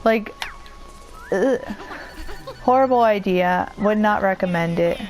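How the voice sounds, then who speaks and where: A woman's voice: mid-range voice, slow, darkish tone, faint music behind, rough recording. A young woman rambling and joking at her own expense while commenting on a video game she plays. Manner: rambling, self-deprecating, chatty. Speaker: let's play commentator. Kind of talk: casual gameplay commentary.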